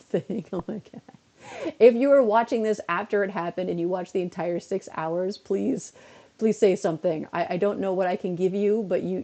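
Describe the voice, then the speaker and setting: A woman's voice: medium pitch, dark tone. A young woman live-streaming and chatting to her viewers, tired, rambling and laughing at herself. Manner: rambling, self-mocking, easily amused.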